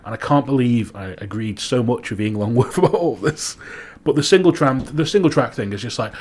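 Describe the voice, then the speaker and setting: A young man with a Manx accent, co-hosting a casual chat podcast, who swears freely and gets animated when he rants. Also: medium pitch, fairly quick. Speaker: podcast co-host.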